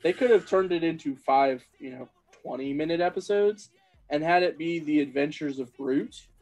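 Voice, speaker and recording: A man's voice: fairly high pitch, moderate pace, a little mellow, poor audio. A man talking as a guest on a casual podcast, upbeat and laughing often.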